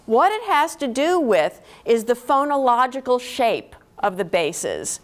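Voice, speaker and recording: Woman professor lecturing in a hall; a higher voice and slow deliberate pace, explaining patiently with "okay?" check-ins. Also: big pitch swings. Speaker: linguistics professor giving a lecture. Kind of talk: university lecture.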